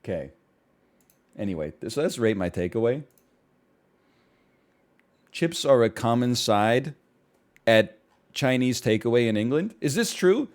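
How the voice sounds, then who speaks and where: A man's voice: mid-range voice, a little slow, pauses often. A man streaming a casual chat, ranting in disbelief with frequent laughs. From Canada. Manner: incredulous, animated ranting with laughs.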